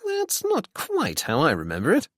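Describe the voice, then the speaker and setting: A man voicing a young gentleman sleuth in an audiobook, speaking with dry, ironic politeness. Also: fairly high pitch, huge pitch swings, normal speed, no echo, voice pushed up, full character voice. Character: wry young gentleman sleuth, bland and teasing.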